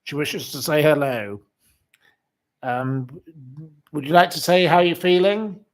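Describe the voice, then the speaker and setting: A man's voice: on the high side, takes it slowly. A man hosting a casual livestream from a room in a house, chatting and reading out viewer comments in a rambling way full of fillers and flamboyant asides. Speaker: livestream host.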